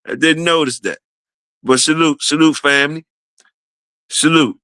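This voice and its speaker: A man hosting a casual livestream, shouting out viewers and repeating his phrases. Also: on the high side, fairly even intonation, a little slow, smooth, no echo, studio quality. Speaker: livestream host.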